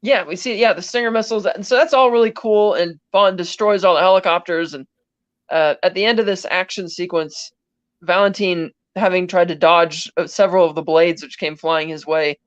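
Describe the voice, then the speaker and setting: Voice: mid-range voice, steady tone, moderate pace, clean tone, no echo, dull audio. A podcast co-host casually recapping a film scene by scene, in a chatty, rambling way full of "he's like" asides. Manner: rambling, chatty retelling with many "he's like" quotes.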